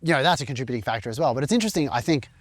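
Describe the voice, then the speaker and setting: A man with an Australian accent rattles through his thoughts at a quick clip, circling back and correcting himself as he goes. It's relaxed vlog talk, recorded close and dry with no room sound. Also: medium pitch, no echo. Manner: thinking out loud, rambling with self-corrections. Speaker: filmmaker and film teacher.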